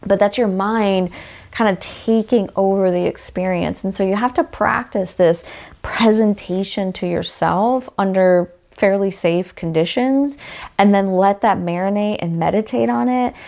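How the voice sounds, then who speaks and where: A woman's voice: medium pitch, unhurried, vocal fry, a little mellow. Woman, podcast host, casual solo talk, chatty, asks the listener questions. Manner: chatty, frequent "like" fillers; talks directly to the listener with questions.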